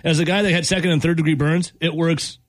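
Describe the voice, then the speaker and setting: A man's voice: fairly high pitch, fast talker, no room sound. A man hosting a morning radio show, chatting casually and joking with guests, laughing easily. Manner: animated, jokey, laughs easily.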